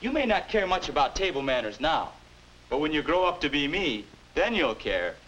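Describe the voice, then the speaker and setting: In a 1950s educational film, a young adult actor with a voice on the high side plays a friendly young man who is the boy's future self, acting as narrator and guide. At a moderate pace, he explains manners in an earnest, instructive, lively way, though the audio is poor.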